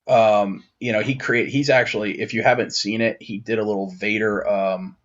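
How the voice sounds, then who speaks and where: A man co-hosting a pop-culture podcast in casual chat, rambling with lots of restarts and fillers and getting excited when riled. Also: on the low side, moderate pace, dull audio. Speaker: podcast co-host.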